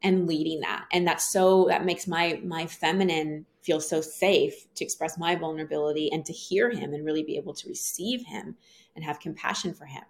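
Woman guest, low gravelly voice, earnest and animated storyteller. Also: normal speed. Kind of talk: casual interview conversation.

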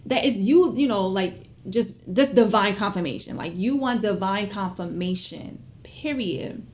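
A young woman telling viewers a personal story in an animated, chatty way, full of fillers and asides. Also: medium pitch, a little slow. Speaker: vlogger.

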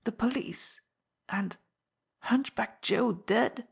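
A woman's voice: on the high side, takes it slowly, voice pushed up, heavily acted. A woman voicing a frail, frightened old man who stammers and whispers. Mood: fearful. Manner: quavering, stammering, breathy whispers.

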